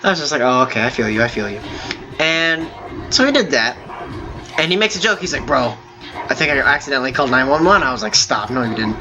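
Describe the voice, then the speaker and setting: A man hosting a gaming video, telling a long story in a halting, rambling way with many fillers while he plays. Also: mid-range voice, animated, noisy background. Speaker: gaming channel host. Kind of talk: telling a story over gameplay.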